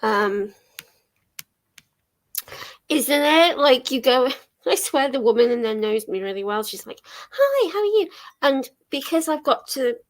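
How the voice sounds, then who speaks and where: A young woman talks casually to her viewers from her living room. Her voice sits fairly high. She rambles, laughs easily and drops the odd swear word. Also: measured pace, pauses often. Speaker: livestream host. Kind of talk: casual chat while reading chat aloud.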